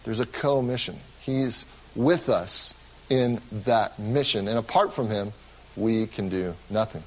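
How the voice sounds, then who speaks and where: A man's voice: fairly low pitch, a little slow, low-quality recording. Earnest pastor, a man preaching. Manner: earnest, with frequent word repeats and restarts. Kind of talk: sermon.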